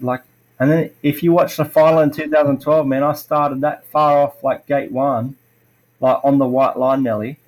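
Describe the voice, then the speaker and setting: This retired racer, a middle-aged man, speaks at normal speed in a mid-range voice, and the recording quality is low. Chatting casually on a podcast, he spins animated racing stories packed with fillers like "like" and acted-out quotes.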